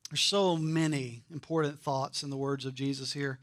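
A man preaching a sermon with emphatic delivery, rising to loud stresses and dropping to quiet asides. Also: medium pitch, steady tone, moderate pace, no room sound. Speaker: pastor.

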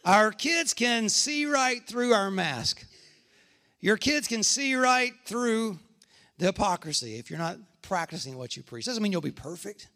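A man's voice: high-pitched, animated, measured pace, bright, forceful tone. A middle-aged man, a pastor, preaching a sermon and telling stories with emphatic repetition.

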